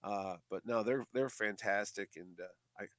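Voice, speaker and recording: A man who organizes a comic convention, chatting casually in a radio interview and telling animated stories. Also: fairly low pitch, moderate pace, dry recording. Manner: chatty storyteller, animated quoting of others.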